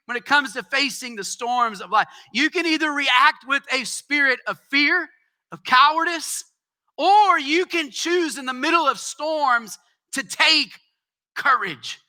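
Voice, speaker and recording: A man preaching a sermon as pastor in a church, speaking in a conversational way that swells into emphatic, shouted exhortations. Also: high-pitched. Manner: conversational asides with quick laughs.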